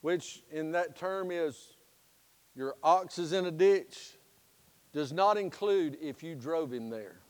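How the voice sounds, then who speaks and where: A man preaching a sermon as pastor, telling a folksy story in an animated storytelling manner. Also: a little high, slow, clean tone, big-room sound. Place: church sanctuary.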